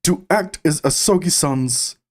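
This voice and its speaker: A man voicing a weary, bumbling middle-aged police inspector in a low, slow, mumbling voice, reading game dialogue aloud. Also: background noise, natural voice. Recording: game music behind.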